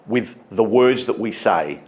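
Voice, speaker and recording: Slow, emphatic male keynote speaker. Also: fairly low pitch, lively intonation, darkish tone. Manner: emphatic, deliberate, stretches key words. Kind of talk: motivational keynote speech. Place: conference stage.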